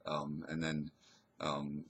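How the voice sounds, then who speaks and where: Very deep, husky man rambling hesitantly. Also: completely flat delivery, fairly bright tone. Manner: hesitant, rambling, full of pauses and restarts. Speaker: storyteller. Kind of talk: casual personal storytelling.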